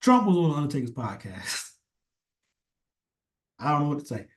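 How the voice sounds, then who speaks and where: A man's voice: on the high side, big pitch swings, unhurried. A man ranting in a casual, rambling way, swearing often and stressing his points hard. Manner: rambling, profane, emphatic. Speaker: commentator. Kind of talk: casual opinion rant.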